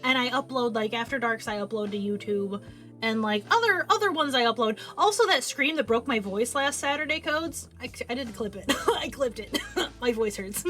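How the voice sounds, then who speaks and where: A woman streaming a casual late-night chat from her home setup into a boom arm mic, rambling and swearing casually. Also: lively intonation, normal speed, sharp tone, soft background music. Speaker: livestreamer.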